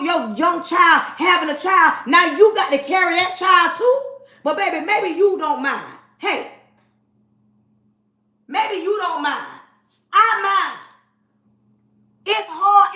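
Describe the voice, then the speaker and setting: Emphatic high-voiced woman in her forties. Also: sharp tone. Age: 40s. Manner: emphatic, preachy, talks straight to viewers. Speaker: livestream host. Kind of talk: casual livestream monologue. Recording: roomy echo.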